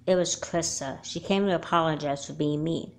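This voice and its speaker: An earnest, chatty young girl, voiced by a woman for a homemade doll movie. She talks in long, sincere explanations in a slightly low voice. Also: moderate pace. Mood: upset.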